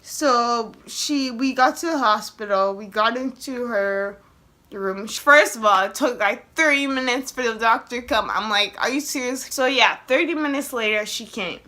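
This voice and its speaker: A young woman tells her vlog camera a personal story, chatty and saying "like" constantly while acting out the voices of the people she quotes. Her voice is a little high, pushed and bright, at a measured pace.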